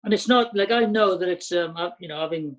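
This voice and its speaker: Excitable middle-aged Welshman, fairly high voice. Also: brisk, rough recording. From Wales. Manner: rambling, restarts, excitable bursts. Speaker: podcast co-host. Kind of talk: casual podcast chat.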